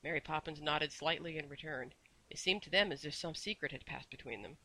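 A man narrating a children's storybook with measured, expressive storytelling. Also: fairly high pitch, rough recording. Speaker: audiobook narrator. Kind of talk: storybook reading.

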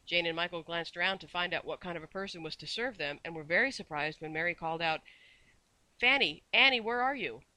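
Bright, expressive audiobook narrator. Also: mid-range voice, rough recording. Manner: lively, expressive storytelling. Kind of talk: scripted narration.

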